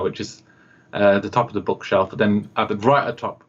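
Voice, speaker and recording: A man's voice: lowish voice, level tone, fast, dull audio. A man, chatting as a guest on a video call interview, rambling through stories and acting out the people in them, with many fillers. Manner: rambling storyteller, acts out quoted voices, many fillers. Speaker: guest, radio host and producer.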